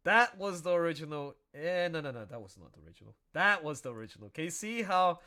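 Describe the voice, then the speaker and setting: A man chatting excitedly through commentary on his own audio drama, often laughing as he talks. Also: a little high, fast talker. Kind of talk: casual commentary livestream.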